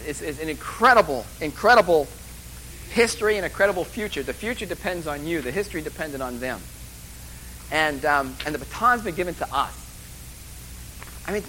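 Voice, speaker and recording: A man's voice: high-pitched, bright, forceful tone, slight background noise, low-quality recording. Joking, rambling male lecturer. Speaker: college instructor. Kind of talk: course orientation lecture. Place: classroom or lecture hall.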